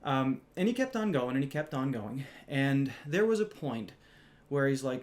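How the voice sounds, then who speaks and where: A man's voice: medium pitch, lively intonation, moderate pace. A man casually telling a story from his retail job, wry and conversational, a little smug, swearing now and then.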